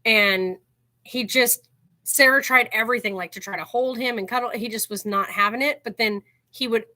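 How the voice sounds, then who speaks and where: Chatty woman host, slightly high voice. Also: moderate pace, pushed and bright. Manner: chatty storyteller, heavy use of "like", laughs while telling. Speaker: channel host. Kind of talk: casual chat.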